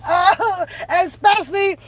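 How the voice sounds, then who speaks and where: A woman's voice: very high-pitched, slow pace. A woman streamer giving casual reaction commentary in a profane, laughing, rambling rant.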